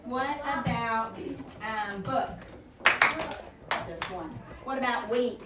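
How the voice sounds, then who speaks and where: A woman teaches phonics at a slow, patient pace, quizzing the class and echoing back each answer. She is picked up from a distance in an echoey classroom with steady background noise. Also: fairly high pitch.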